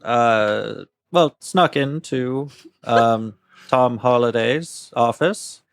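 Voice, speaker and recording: A man playing a tabletop roleplaying game, speaking hesitantly with many pauses and filler sounds. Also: mid-range voice, creaky, clean tone, no echo. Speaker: tabletop player. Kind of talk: in-character roleplay chat.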